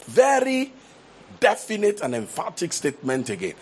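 A man's voice: high-pitched, big pitch swings, moderate pace, a bit bright, breathy edge. A man preaching a sermon, building to emphatic repeated declarations and often restarting his phrases. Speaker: pastor.

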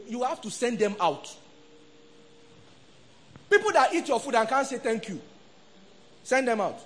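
A middle-aged man with a Nigerian accent, preaching a sermon and leading call-and-response with his congregation. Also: extremely high pitch. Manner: animated, call-and-response preaching, acts out quoted voices. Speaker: pastor.

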